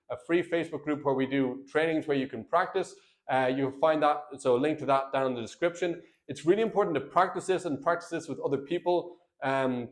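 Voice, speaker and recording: Brief: earnest man, marriage coach talking to camera, mid-pitched voice, plain direct delivery. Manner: earnest, plain-spoken, addresses viewers as guys and brother.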